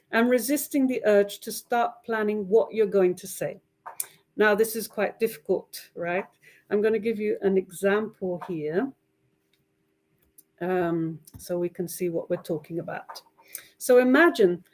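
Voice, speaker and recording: A woman's voice: medium pitch, a little mellow. Female webinar presenter for teachers, mid-range voice, friendly and chatty, checks in with her listeners a lot. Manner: friendly, checks in often with "right?" and "okay?", laughs lightly. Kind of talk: online webinar talk to teachers.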